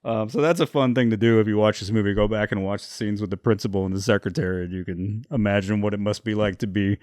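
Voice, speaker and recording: A man's voice: lowish voice, fairly even intonation, fast talker, a little mellow, no echo, studio quality. A man co-hosting a podcast, talking casually with lots of fillers, swearing and frequent laughter. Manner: rambling, profane, laughs often, many fillers. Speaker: podcast co-host. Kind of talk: casual chat.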